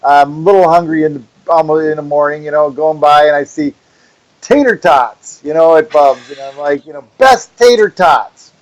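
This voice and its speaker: A middle-aged man with a Wisconsin accent, co-hosting a podcast and ranting in a rambling, animated way, acting out the voices in his story. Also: a little high, poor audio. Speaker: podcast co-host. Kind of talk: casual ranting chat.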